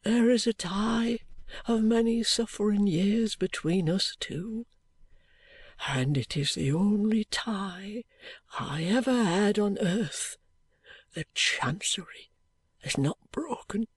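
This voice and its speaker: A reader doing a dying old man's hushed lament. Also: medium pitch, breathy edge, pitched above the performer's own voice. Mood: mournful. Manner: hushed, slow, partly whispered. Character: worn-out, dying old male litigant. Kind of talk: audiobook character reading.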